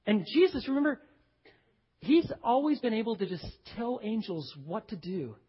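A male pastor preaching a sermon, emphatic, dropping to hushed low phrases and speaking straight to his congregation. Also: sing-song, normal speed, breathy edge. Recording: dull recording with long hall reverb.

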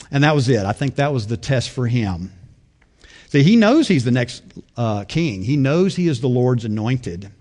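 Male preacher, mid-pitched, chatty sermon delivery with rhetorical questions. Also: darkish tone. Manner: conversational, asks rhetorical questions.

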